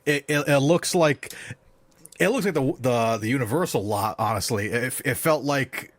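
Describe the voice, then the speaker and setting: A man co-hosting a casual film podcast, talking in halting bursts with lots of "like". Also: mid-range voice, expressive, dry recording. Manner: halting, full of "like" and restarts. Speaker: podcast co-host.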